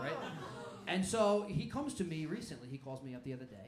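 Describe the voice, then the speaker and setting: A man doing a stand-up set, telling stories fast and working the crowd, in a comedy club with a handheld mic. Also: on the high side. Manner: fast, animated storytelling with crowd work. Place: comedy club stage with laughing audience. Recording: echoey club with crowd laughter.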